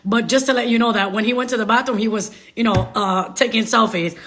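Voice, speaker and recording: A young woman telling a dating story in a casual, animated way, slipping into Spanish phrases. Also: on the high side, quick pace. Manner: animated, laughing often, switches into Spanish. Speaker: storyteller vlogger.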